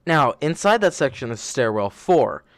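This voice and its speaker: A man's voice: mid-range voice, very animated, moderate pace, no room sound. A young man hosting a podcast, telling stories in a rambling, self-correcting way and laughing as he goes. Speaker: podcast host. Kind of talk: casual storytelling chat.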